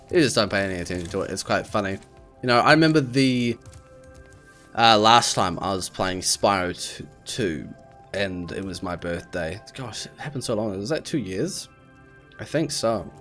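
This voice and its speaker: Young man, low-pitched, rambling gameplay chat, faint game music behind. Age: 20s. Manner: rambling, chatty, self-deprecating. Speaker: let's play host. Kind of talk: casual gameplay commentary. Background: game soundtrack music.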